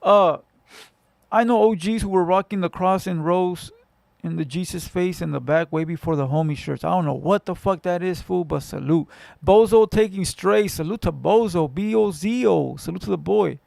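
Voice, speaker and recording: A man's voice: high voice, moderate pace, creaky, a little mellow, no echo. A man from Southern California hosting a casual livestream, telling stories bluntly with lots of profanity and street slang. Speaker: livestream host. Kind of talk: casual livestream chat with viewers.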